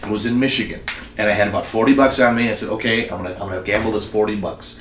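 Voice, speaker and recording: A man co-hosts a casual podcast and races through a rambling, animated story. His voice sits on the low side. The sound is echoey, with a faint hiss underneath. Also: racing. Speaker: podcast co-host. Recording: echoey room with faint noise.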